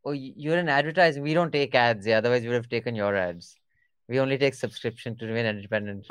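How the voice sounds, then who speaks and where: A man's voice: mid-range voice, fast, background noise. A man hosting a casual panel podcast, teasing his co-hosts and rambling with fillers. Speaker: podcast host.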